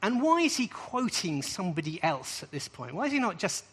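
A man with a slightly high voice preaches to a live group. His delivery is emphatic, and he stresses key phrases by saying them again. He often finishes a point with a questioning "right?". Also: very animated, a little fast, breathy edge. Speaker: preacher teaching on scripture. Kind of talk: sermon-style teaching.

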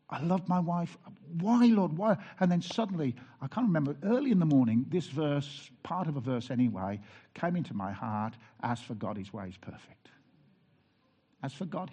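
A husky, slightly high-voiced man preaches from the pulpit. He tells personal stories earnestly, with wry asides and stumbling restarts. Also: mellow. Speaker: pastor.

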